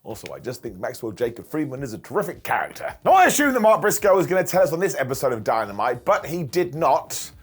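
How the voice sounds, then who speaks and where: Chatty man with a lively voice. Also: mid-range voice, breathy edge. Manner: chatty, wry, acts out wrestlers' lines in quick impressions. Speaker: wrestling show reviewer. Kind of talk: casual recap commentary.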